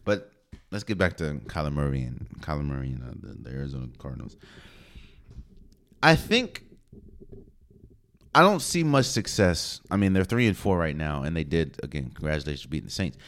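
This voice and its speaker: A man's voice: rumbling low, big pitch swings, moderate pace, pauses often, a bit bright. A young man hosting a solo sports podcast, talking in a casual, slangy, opinionated way. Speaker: podcast host.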